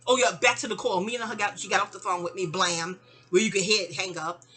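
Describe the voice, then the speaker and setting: A woman, telling a personal story in an animated, digressive, sassy way. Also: medium pitch, fast, husky, soft background music. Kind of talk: casual storytime monologue.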